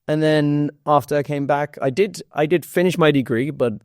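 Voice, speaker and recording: A man's voice: a little high, moderate pace, dry recording, clean studio sound. A man from Germany, whose first language is German, with a slight Cologne accent. He chats casually as a podcast guest, laughs often and restarts his sentences. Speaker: voice actor guest.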